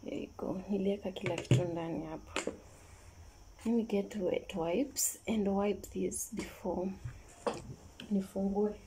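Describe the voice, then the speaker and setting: A woman's voice: medium pitch, steady tone, unhurried, long pauses, noisy background. A young woman chatting casually in a vlog, slipping Swahili phrases into her English. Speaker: vlogger.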